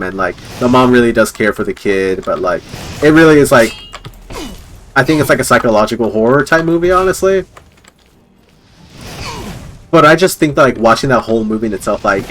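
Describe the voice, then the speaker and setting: A male streamer chats casually, rambling through a story with plenty of filler words and chuckles. His pitch sits in the middle range, with a faint hum of background noise. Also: a bit bright.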